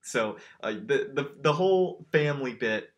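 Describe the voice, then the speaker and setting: A man's voice: mid-range voice, expressive, normal speed. This man co-hosts a podcast with easy, joking chatter. He laughs freely and often trips over his words, repeating them as he goes. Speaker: podcast co-host. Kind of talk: casual chat.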